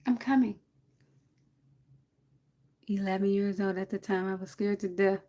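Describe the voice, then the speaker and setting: A woman's voice: mid-range voice, fairly even intonation, measured pace, long pauses, mellow. A woman from City, chatting casually on a livestream with her viewers and her dog. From Jersey City, USA. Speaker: livestream host. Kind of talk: casual live-stream chat.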